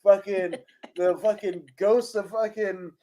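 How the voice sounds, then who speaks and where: This is a high-pitched man with a Kentucky accent, holding forth on a casual fight podcast. He rants in heated bursts, swearing freely, and comes back again and again to blunt dismissals. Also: steady tone, slow, dark tone. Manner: profane, ranting, heated. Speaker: podcast co-host. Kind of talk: casual chat.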